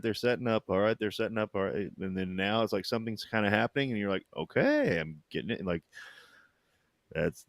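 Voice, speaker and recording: A man co-hosting a casual pop-culture chat, animated and hesitant with many fillers. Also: fairly low pitch, no room sound, clean studio sound. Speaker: podcast co-host.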